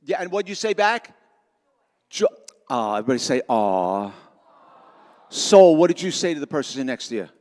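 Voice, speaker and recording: Man, middle-aged, motivational school speaker, jokey and self-mocking, lively crowd work, long auditorium echo. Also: on the high side, fast talker.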